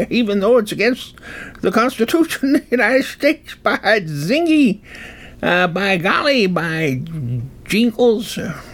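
A man's voice: high voice, sing-song, slow, a bit bright, voice pushed up, heavily acted. A man putting on a cackling old Wild West codger drawl. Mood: folksy. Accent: put-on Old West movie drawl. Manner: folksy, chuckling, rambling with slips. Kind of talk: comic impression.

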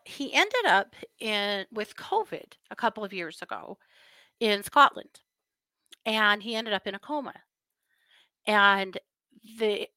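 A woman's voice: medium pitch, sharp tone, no echo. A woman hosting a livestream, chatting casually with her viewers about a wild crime case, rambling through asides and laughing often. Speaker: livestream host reading viewer comments.

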